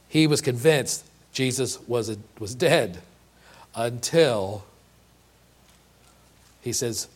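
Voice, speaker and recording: A man preaching a sermon, earnest and emphatic, often repeating and restarting words and asking rhetorical questions. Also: mid-range voice. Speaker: pastor.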